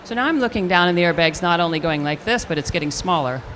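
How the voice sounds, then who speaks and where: An older actress telling an animated story in a live stage interview, acting out the voices of the people she quotes. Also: lowish voice, fast, a little hiss or hum. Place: convention stage with audience hall ambience.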